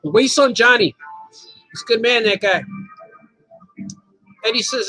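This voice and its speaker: High, bright-voiced joking man. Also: lively intonation, a little slow, long pauses, soft background music, poor audio. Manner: rambling, jokey, laughs often. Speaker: cartoonist hosting a live show. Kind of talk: casual live-stream chat.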